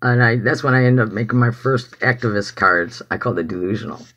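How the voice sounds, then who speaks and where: A man's voice: medium pitch, a little fast, a bit bright, dull audio. A man telling a personal story as testimony in a rambling, casual way, swearing freely. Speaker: activist giving testimony.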